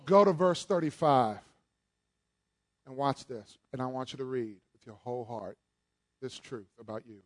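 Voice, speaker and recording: A man preaching a sermon as pastor, leading call-and-response, shouting at peaks, then dropping to low asides and joking with the congregation. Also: moderate pace, long pauses. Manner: playful, jokes with the congregation.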